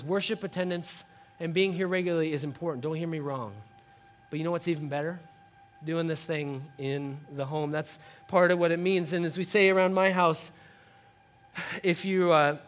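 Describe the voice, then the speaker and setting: A high-pitched man in his thirties preaches from the front of a church. He tells his story with animated energy, jumping between a soft, hushed tone and bursts of shouting as he acts out the scene. The sound is of a sermon delivered to a congregation. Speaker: pastor. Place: church sanctuary.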